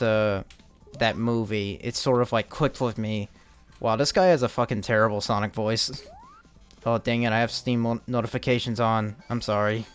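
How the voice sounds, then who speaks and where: In a smooth, medium-pitched voice, a young man offers casual live-stream commentary as he plays. He meanders, restarts his sentences, and lets a curse slip here and there.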